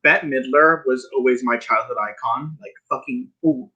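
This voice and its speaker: A man's voice: medium pitch, normal speed, pushed and bright, slightly rough, highs cut off. A man guest in a casual video chat, gushing enthusiastically.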